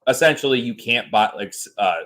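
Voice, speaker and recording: A man's voice: mid-range voice, brisk. Joking man hosting a podcast. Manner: joking, animated storyteller. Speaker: podcast host. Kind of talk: casual podcast chat.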